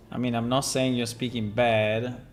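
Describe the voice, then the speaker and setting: A game developer thinking out loud on a casual stream, amused and chatty. He talks slowly, with faint music and keyboard typing behind him. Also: medium pitch.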